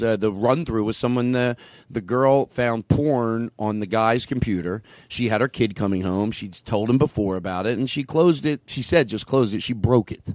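A man hosting a comedy podcast, rambling excitably and laughing a lot as he tells a story. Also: on the low side, no room sound. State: stoned. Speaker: podcast host. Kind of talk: casual comedy podcast chat.

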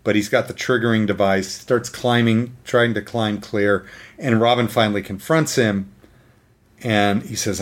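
A man telling a story in casual chat, animated, using many fillers and acting out the scenes. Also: lowish voice, moderate pace.

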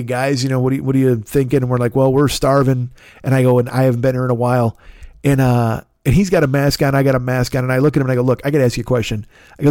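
Fast-talking, profane man telling a story. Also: medium pitch, no echo, clean studio sound. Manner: profane, animated anecdote with quoted dialogue. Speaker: podcast host. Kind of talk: casual storytelling.

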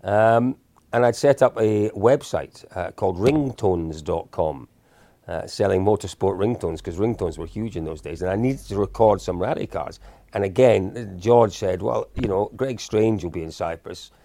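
A man in his fifties, a guest in an interview, telling anecdotes in a relaxed, self-deprecating way. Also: deep voice, normal speed, no room sound. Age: 50s. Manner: anecdotal, self-deprecating, with frequent restarts and chuckles. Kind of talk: casual storytelling in an interview.

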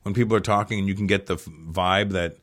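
A man's voice: deep voice, fairly even intonation, quick pace, fairly bright tone. A man telling a long story casually as a podcast guest, acting out other people's lines and swearing freely.

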